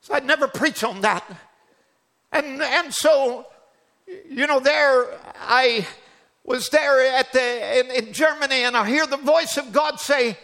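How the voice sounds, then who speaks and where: High-voiced, bright male preacher. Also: takes it slowly. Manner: earnest, fervent testimony. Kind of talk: sermon storytelling.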